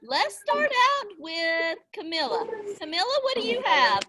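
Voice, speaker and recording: A woman teacher leading children through a phonics lesson on a video call, sounding out words slowly and encouragingly. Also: very high-pitched, big pitch swings. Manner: slow, encouraging, exaggerated sounding-out. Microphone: laptop mic on video call. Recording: noisy video call audio.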